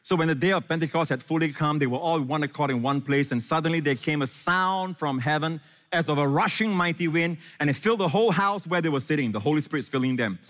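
A man preaching a sermon as pastor, impassioned, swinging from loud questions to hushed, tender reassurance. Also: on the high side, fast talker, long reverb tail.

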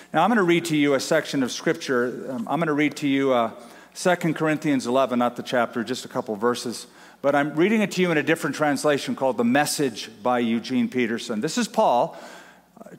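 A man preaching a sermon as a pastor, emphatic, with dramatic pauses and repetition. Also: mid-range voice. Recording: long hall reverb.

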